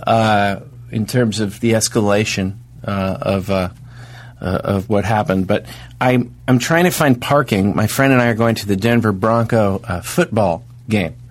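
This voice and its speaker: A man in casual comedic conversation, telling rambling, exaggerated stories in a deadpan way. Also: on the low side, measured pace.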